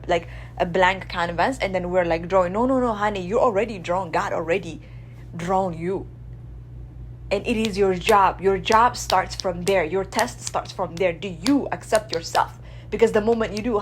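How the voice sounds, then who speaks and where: A woman from Ethiopia, hosting a radio show in a blunt, animated monologue. She swears freely and keeps asking her listeners "right?". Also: mid-range voice, slight background noise. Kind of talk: casual opinion monologue.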